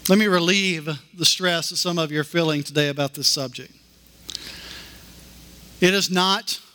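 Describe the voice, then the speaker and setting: A man preaching a sermon as pastor, with slow, emphatic repeated declarations that climb in pitch. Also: bright, forceful tone.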